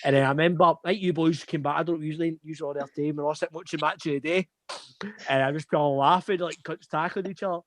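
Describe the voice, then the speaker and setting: A young Scottish man spins a rambling anecdote to his mates, laughing and swearing as he goes. His voice sits a little high and the sound is dry and close. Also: steady tone, quick pace, dry recording. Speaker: podcast host. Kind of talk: casual storytelling chat.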